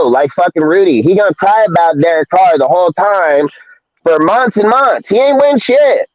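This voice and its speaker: A man's voice: dry recording, lo-fi sound. A man ranting angrily and profanely on a sports talk stream, swinging his voice up and down. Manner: profane, ranting, swings between high and low pitch. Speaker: podcast co-host. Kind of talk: heated sports call-in rant.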